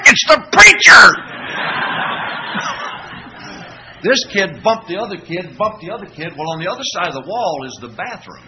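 A man's voice: a little high, background noise. A man preaching a sermon in church, telling stories and asking the congregation rhetorical questions. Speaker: pastor.

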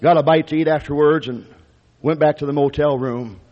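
A man's voice: a little high, fairly even intonation, a little fast. A man preaching a sermon, telling a story in a folksy, conversational way with frequent restarts. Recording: lo-fi recording with long hall reverb.

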